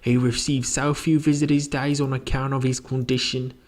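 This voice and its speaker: A man voicing a fussy, prim old housekeeper woman in a shrill falsetto with a put-on British accent, gushing and flustered. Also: flat delivery, brisk, natural voice.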